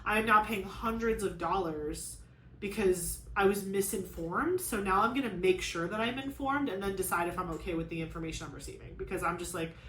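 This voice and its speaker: A young woman talks casually to camera, rambling through a story with constant "like"s and restarts. Her voice sits at an ordinary middle pitch. The room is echoey, with a faint hiss of noise behind her. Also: fairly quick, fairly bright tone. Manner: rambling, filler-heavy storytelling with many "like"s. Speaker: crafting vlogger.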